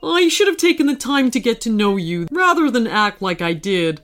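A woman voicing a timid, polite male dinosaur in a children's storybook, high and apologetic. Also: sing-song, moderate pace, fairly bright tone. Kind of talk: storybook character voice.

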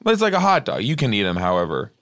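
A man's voice: on the low side, wildly swooping pitch, rapid-fire, a bit bright. A man hosting a comedy podcast who tells a long, absurd story in a rambling way, full of fillers. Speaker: podcast host.

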